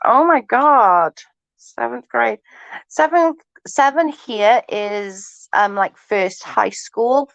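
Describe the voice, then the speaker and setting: A woman's voice: on the high side, vocal fry, no echo. Chatty woman, lo-fi stream. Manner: chatty, swears freely, laughs often. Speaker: livestream host chatting with viewers. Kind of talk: casual livestream chat. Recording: dull lo-fi stream audio.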